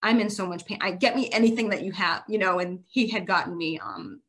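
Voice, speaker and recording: A woman with a medium-pitched, slightly bright voice speaks briskly as a podcast guest, a marathon runner. She tells a long story earnestly and emotionally, her run-on sentences tumbling one into the next.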